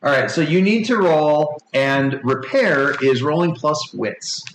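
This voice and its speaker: A man in his forties running a tabletop game for his kids, rambling and playful, slipping into quick character voices. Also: fairly high pitch, expressive. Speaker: game master. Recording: echoey home room with faint noise.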